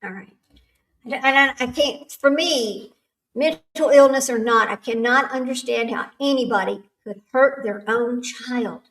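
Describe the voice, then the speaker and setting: A woman's voice: on the high side, a little slow, a bit bright. A woman, hosting a casual livestream chat, rambling and laughing often. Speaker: livestream host. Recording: echoey room, far from the mic.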